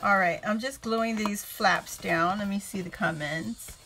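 A woman's voice: medium pitch, unhurried, noisy background. A woman hosting a casual crafting livestream from home, chatting, laughing often and greeting viewers by name.

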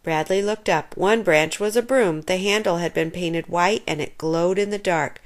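A woman reads a children's chapter book aloud. She tells the story expressively. Her voice sits a little on the low side. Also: normal speed.

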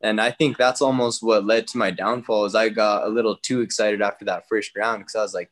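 A young man from New Mexico, a guest fighter talking casually in an interview, relaxed and slangy. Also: on the low side, brisk, hardly any pauses. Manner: relaxed, slangy, retells talks with others in quoted bits.

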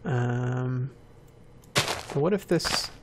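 A man's voice: medium pitch, extremely slow, very noisy. A man hosting a game channel, giving casual commentary while building and thinking aloud, with self-mocking asides.

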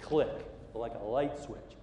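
A man's voice: medium pitch, slow, roomy sound, in a large hall, very noisy. A middle-aged man preaching a sermon, telling a story with lots of energy and acting out the voices and sounds. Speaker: pastor. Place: church sanctuary.

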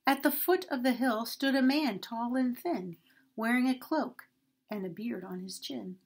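A woman reading a rhyming story aloud to children at a church, expressive and sing-song. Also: fairly high pitch.

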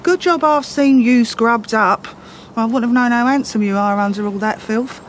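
A woman's voice: on the high side, moderate pace, slight background noise. A middle-aged woman from England, a chatty, self-deprecating actress guest in a studio interview who laughs often.

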